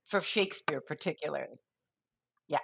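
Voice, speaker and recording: A woman with a low voice talks through poetic form in a loose, conversational way. She pauses, restarts her sentences and fills gaps as she thinks. She sometimes taps out the beat aloud. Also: vocal fry, a bit bright, slightly rough. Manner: thoughtful, with frequent restarts and fillers; taps out rhythms aloud as da-dum. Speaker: poetry guest explaining poetic form. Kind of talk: conversational explanation.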